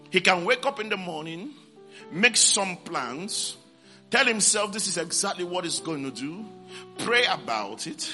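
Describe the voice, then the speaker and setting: Emphatic preacher, bright and lively. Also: male voice, high-pitched. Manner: emphatic, repeats key words, call-and-response with the congregation. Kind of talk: sermon.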